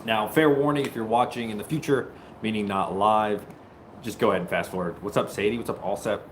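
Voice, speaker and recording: A man hosting a casual live stream, greeting viewers and joking, at times breaking into loud mock-taunting. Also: fairly low pitch, brisk, slight background noise. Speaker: livestream host. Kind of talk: casual livestream chat with viewers.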